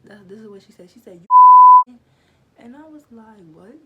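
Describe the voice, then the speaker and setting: A woman's voice: a little high, expressive, fast talker, background noise. A young adult woman vlogger telling a storytime to camera in slangy, playful speech, teasing her viewers. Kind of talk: casual storytime monologue to camera.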